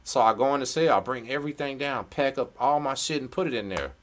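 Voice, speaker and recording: A middle-aged man hosts a casual podcast, spinning animated prison yarns full of cursing. His voice sits at an ordinary middle pitch, and he jumps in and out of the people he quotes. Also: fast. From Texas. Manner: animated, profane prison storytelling with acted quotes. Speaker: podcast host. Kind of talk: casual storytelling chat.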